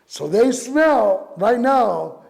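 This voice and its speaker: A man's voice: very high-pitched, expressive, extremely slow, vocal fry, a little mellow. A middle-aged man, a rapper telling profane stories in an interview and acting out other people's voices. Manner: profane, acts out quoted voices. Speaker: rapper and DJ guest. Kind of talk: animated storytelling interview.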